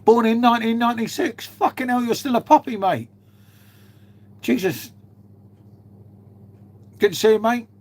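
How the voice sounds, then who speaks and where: A man's voice: very high voice, moderate pace, long pauses. A man, chatting casually on a live stream, swearing freely and bantering as he answers viewers' chat. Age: 50s.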